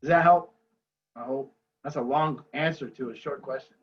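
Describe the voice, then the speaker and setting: A man's voice: medium pitch, normal speed, slightly rough. A man leading a recovery group over a video call, talking reflectively about spiritual practice and often asking "you see?". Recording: dull lo-fi video call audio.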